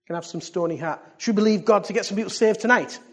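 Preacher, loud then hushed. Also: male voice, sits high, rapid-fire. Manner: swings from loud exclamations to hushed asides, asks the congregation questions. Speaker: pastor. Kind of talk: sermon. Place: church service.

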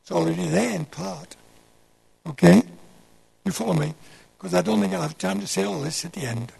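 A man's voice: high-pitched, normal speed, vocal fry, dark tone, slightly rough, poor audio. A man, giving a rambling sermon talk and asking the audience questions as he digresses. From North East England. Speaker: Christian speaker.

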